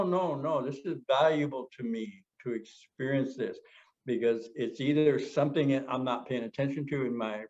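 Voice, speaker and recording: A man's voice: mid-range voice, creaky, lo-fi sound. An older man co-hosting a show, talking candidly and reflectively, often laughing at himself. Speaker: co-host. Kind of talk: reflective casual talk.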